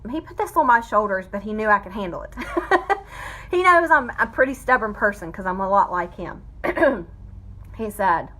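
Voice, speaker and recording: A woman's voice: mid-range voice, expressive, normal speed, bright, forceful tone. A woman giving an emotional personal testimony, fighting back tears as she speaks. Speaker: vlogger telling a family story.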